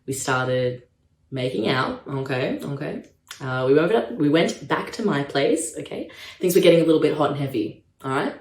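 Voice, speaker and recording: A young Australian woman doing a stand-up comedy set, self-mocking with deadpan asides. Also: deep voice, normal speed, reverberant. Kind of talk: stand-up comedy set, live-streamed from home.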